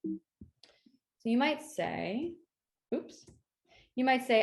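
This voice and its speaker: A woman's voice: high-pitched, sing-song, very slow, creaky, pauses often. A woman leading a workplace workshop, speaking in a conversational coaching tone and often checking in with "right?" and "you know.". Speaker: workshop facilitator. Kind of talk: online workshop presentation.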